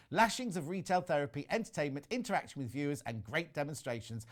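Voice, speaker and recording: A man presenting a live shopping channel broadcast, chatting as he reads out viewer messages with quick asides. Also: fairly high pitch. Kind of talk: live TV sales chat.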